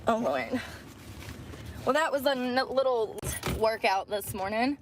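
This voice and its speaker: A woman's voice: on the high side, measured pace. Chatty woman vlogging from her car. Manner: candid, rambling, swears freely. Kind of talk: casual chat to viewers. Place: inside a parked car. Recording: car interior with vehicle noise.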